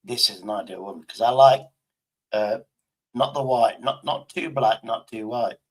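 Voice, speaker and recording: Husky streamer guy, talks to himself, swears a lot, casual. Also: fairly low pitch, normal speed. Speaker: livestreamer. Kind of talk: casual livestream chat.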